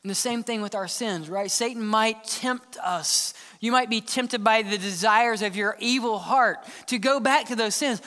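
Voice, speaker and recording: A man preaching a sermon as the church's pastor, earnest, sometimes dropping to a hushed tone to press a point. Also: high-pitched, moderate pace, few pauses. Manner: earnest preaching, drops to hushed tones for emphasis. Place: church sanctuary. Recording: long church hall reverb.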